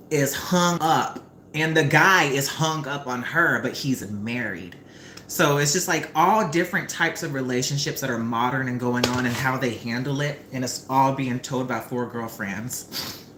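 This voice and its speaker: Chatty young woman, live-stream host, cooking at home; low-pitched voice, lively and profane, echoey room. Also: slow. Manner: animated, chatty storyteller, swears freely. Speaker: livestream host. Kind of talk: casual live-stream chat while cooking. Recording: roomy with faint background noise.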